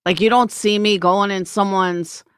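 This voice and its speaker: A woman's voice: mid-range voice, fairly even intonation, measured pace, smooth, dry recording, clean studio sound. A middle-aged woman rants to camera as a YouTuber, blunt and heated and swearing often. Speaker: YouTuber and small business owner. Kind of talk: ranting to camera.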